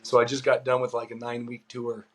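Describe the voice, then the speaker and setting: A man's voice: medium pitch, quick pace, poor audio. A middle-aged man from California, a former baseball pro, telling stories in a loose, casual way, acting out the dialogue he quotes. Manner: loose and animated, acts out quoted dialogue, lots of "like". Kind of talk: casual storytelling.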